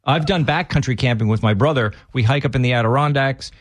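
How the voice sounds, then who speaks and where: A man's voice: medium pitch, fast talker, dry recording. A man with a Massachusetts accent, co-hosting a casual chat and telling long, rambling stories full of restarts. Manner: rambling storyteller, many restarts.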